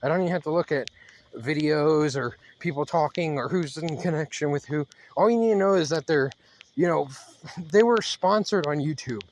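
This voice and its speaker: Out on a fast walk, a man with a highish voice is slightly breathless as he hosts a rambling monologue vlog for his channel. He's worked-up and halting, his speech full of fillers.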